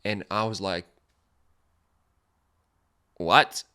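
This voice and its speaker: A man with a lowish voice speaks slowly while hosting a podcast, relating a personal story in an informal monologue. His delivery shifts from animated and laughing to quiet and introspective.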